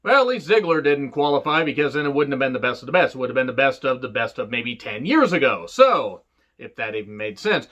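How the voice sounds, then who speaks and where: A man's voice: mid-range voice, expressive, fairly quick, a bit bright, muffled recording. A man reviewing a wrestling show in a sarcastic, profanity-laced solo rant.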